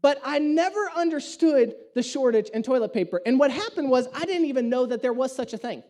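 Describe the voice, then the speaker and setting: A man's voice: extremely high pitch, animated, a little fast, darkish tone. A man, a pastor preaching a sermon and telling a story with humor and animation. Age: 30s.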